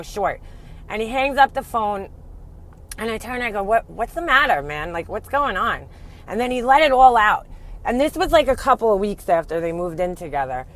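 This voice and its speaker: A woman's voice: medium pitch, a bit bright. A woman telling a personal story in a casual, rambling way, speaking frankly and swearing freely. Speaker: blogger telling a family story.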